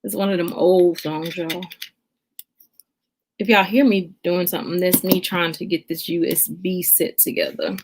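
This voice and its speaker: A young woman hosting a casual livestream, chatting and greeting viewers by name with lots of filler pauses. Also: lowish voice, lively intonation, darkish tone, a little hiss or hum. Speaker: livestream host.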